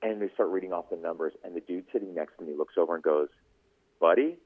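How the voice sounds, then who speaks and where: A man's voice: sits low, rapid-fire, breathy edge. A man, a podcast host and news anchor, telling his story as a guest in a casual radio interview, acting out the people he quotes. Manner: animated storyteller who acts out quoted voices. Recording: tinny phone-line radio audio.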